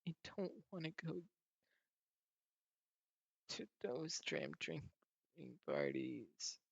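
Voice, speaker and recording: A man voicing a tired young office woman with a soft, whispery voice, reading a comic aloud. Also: fairly high pitch, huge pitch swings, extremely slow, vocal fry, slightly rough, dry recording, dull audio, exaggerated voice. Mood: weary.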